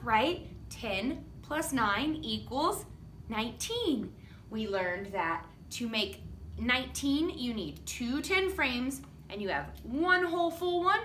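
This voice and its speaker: Bright-voiced woman teaching young children. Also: a little high, distant mic, a little hiss or hum. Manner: sing-song, cheerful teacher voice addressing children. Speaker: preschool teacher. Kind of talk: online kindergarten lesson. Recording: echoey room, voice from off the mic.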